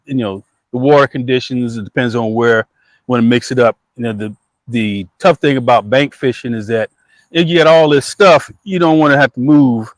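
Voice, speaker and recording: A man's voice: mid-range voice, no echo, poor audio. A man on a fishing livestream, chatting casually and rambling about bank fishing, with plenty of fillers and restarts. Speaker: guest angler on a livestream. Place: riverbank outdoors.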